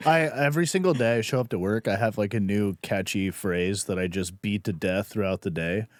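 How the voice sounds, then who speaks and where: Comic, man, laid-back podcast banter, voice drops low mid-story, dry mic. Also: fairly quick, no room sound. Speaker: stand-up comic and podcast co-host. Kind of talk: casual comedic banter.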